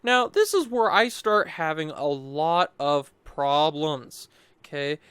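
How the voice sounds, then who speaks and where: A young man's rambling commentary over game footage, with a fairly high voice that sounds smooth and clean. He restarts his sentences often as he goes. The room is dead and dry. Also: lively intonation, takes it slowly, fairly bright tone, dry recording. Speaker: gameplay commentator. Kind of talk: casual gameplay voice-over commentary.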